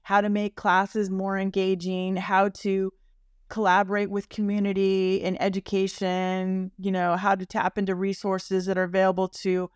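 Smooth-voiced middle-aged woman educator. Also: medium pitch, monotone, normal speed, dry recording, clean studio sound. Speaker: guest educator. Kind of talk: interview answers.

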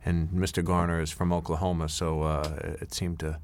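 Middle-aged man, very low voice, rambling director's commentary with lots of uhs and restarts. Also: level tone, normal speed, a little mellow, a little hiss or hum. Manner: rambling, anecdotal, many fillers and restarts. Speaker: film director. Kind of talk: DVD commentary.

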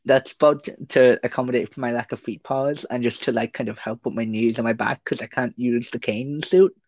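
A man's voice: mid-range voice, steady tone, brisk, a little mellow, no echo. Young irish guy rambling on a podcast, lots of ums, dead dry muffled sound. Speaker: podcast guest, streamer. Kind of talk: casual interview chat.

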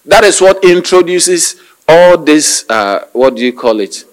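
A male pastor preaching a sermon, calling out hallelujahs and amens, with hesitant restarts and slow, drawn-out emphasis. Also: fairly high pitch, expressive, rough recording. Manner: call-and-response preaching with frequent hallelujahs.

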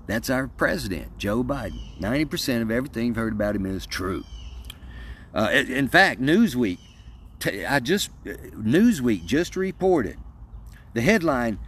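Folksy man ranting with lively pitch. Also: a little hiss or hum. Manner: folksy and emphatic, rambling with restarts. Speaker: political commentator. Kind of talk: casual opinion rant.

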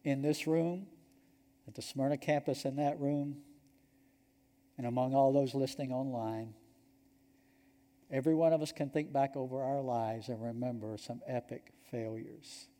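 A Georgia-accented pastor preaching in a church sanctuary, his voice warm and mellow. He tells the story earnestly and sinks to a soft hush on the points that matter. A long hall reverb hangs on each phrase. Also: medium pitch, fairly even intonation, measured pace, long pauses. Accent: Georgia, US Southern. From Georgia, United States. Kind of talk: sermon.

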